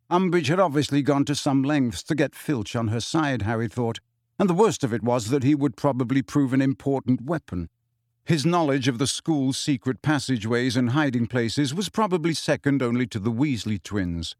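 A man reading a novel aloud as audiobook narrator in a measured storytelling manner. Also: mid-range voice, lively intonation, darkish tone, no echo, studio quality. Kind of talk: scripted narration.

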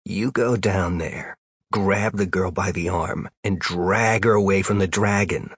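A man's voice: sits low, unhurried, husky, no echo, exaggerated voice. A man voicing a teasing adult male wizard companion who needles his friend in a dry, matter-of-fact way.

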